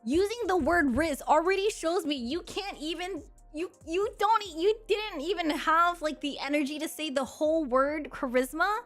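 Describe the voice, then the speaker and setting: A woman's voice: very high voice, normal speed, hardly any pauses, fairly bright tone, faint music behind. A woman in her thirties, a streamer in casual chat with her viewers, talking in a blunt, sassy and crude way and laughing often. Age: 30s.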